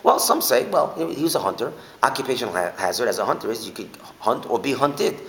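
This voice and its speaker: A man giving a Torah class, animated, asking rhetorical questions and restating his points to the room. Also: mid-range voice, fast. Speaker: Torah teacher. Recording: echoey hall with faint hiss.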